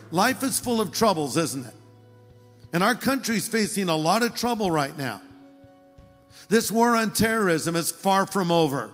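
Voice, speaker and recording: A man preaching a sermon, telling a story and shifting between loud emphasis and quiet asides. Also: sits high, lively intonation, moderate pace, big-room sound, soft background music.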